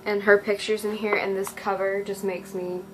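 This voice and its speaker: A woman's voice: medium pitch, level tone, normal speed, background noise. A teenage girl vlogging casually, rambling and gushing with lots of ums. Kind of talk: casual fan vlog.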